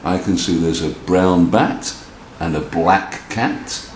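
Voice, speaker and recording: A man's voice: sits low, slow. A man, a storyteller, chatting casually while he shows felt figures and tells a children's story indoors. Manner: chatty, animated, addresses children. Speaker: storyteller demonstrating felt boards. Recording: roomy echo, faint background hiss.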